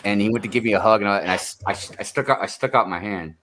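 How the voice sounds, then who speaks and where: An American man co-hosting a live stream, chatting casually and telling lively stories with bursts of laughter. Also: rapid-fire, noisy background. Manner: animated storyteller, bursts into high laughs. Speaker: co-host of a building live stream. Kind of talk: casual chat.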